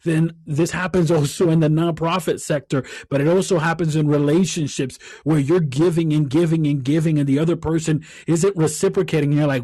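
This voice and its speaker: A man's voice: on the high side, steady tone, a little fast, few pauses, darkish tone, no echo, clean studio sound. A man hosting his own coaching podcast, talking in an earnest, heartfelt way and often repeating words as he thinks. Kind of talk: reflective solo podcast talk.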